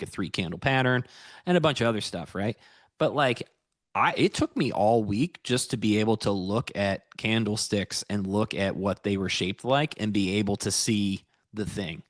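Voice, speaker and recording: A man's voice: on the low side, a bit bright, no echo, studio quality. A man co-hosting a live trading stream, talking in an easygoing, self-deprecating, rambling way. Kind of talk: casual live-stream chat.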